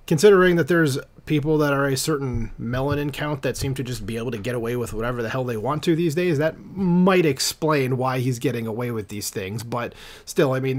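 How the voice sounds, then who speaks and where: Irritated man reading an article. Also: mid-range voice. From United States. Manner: casual, irritated asides with many fillers. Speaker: commentary channel host.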